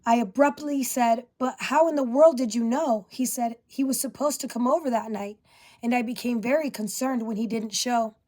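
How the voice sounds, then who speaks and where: A woman reads a first-person story aloud, her voice sitting a little higher than most. She carries the spoken lines with quiet emotion and hardly changes her voice between the characters. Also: moderate pace. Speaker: reader of her father's story.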